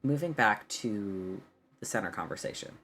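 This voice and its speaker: A man's voice: on the low side, expressive, moderate pace, a bit bright, faint music behind. A man narrating and ruling as game master in a tabletop game, casual with many fillers.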